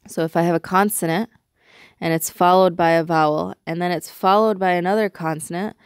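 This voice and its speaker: A woman teaching a recorded language lesson, patiently explaining step by step and repeating example words slowly. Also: fairly low pitch, dry recording, clean studio sound.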